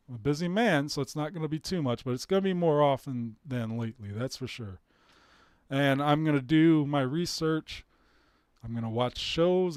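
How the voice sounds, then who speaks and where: A man's voice: medium pitch, darkish tone, clean tone, no room sound, clean studio sound. A man hosting his own live stream, ranting casually and bluntly with plenty of swearing and short laughs. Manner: profane, blunt, laughing asides.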